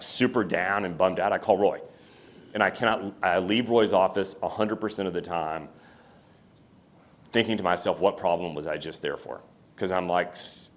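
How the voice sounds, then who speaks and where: Male speaker, very low pitch, candid fireside storyteller. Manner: candid, reflective storytelling with restarts. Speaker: company CEO, guest speaker. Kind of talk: fireside chat on stage. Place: room with an audience.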